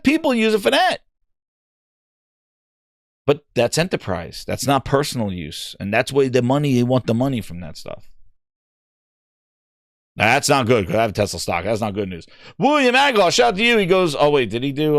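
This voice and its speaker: A man's voice: on the high side, big pitch swings, a little fast, no echo, studio quality. A man hosting a gaming podcast, talking in a rambling, casual way with lots of fillers and restarts. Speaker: podcast host.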